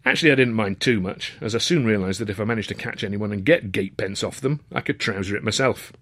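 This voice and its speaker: A man's voice: lowish voice, quick pace, a bit bright, no echo. A man reading his own novel aloud in a wry, dry-humoured, conversational storytelling manner. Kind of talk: storybook narration.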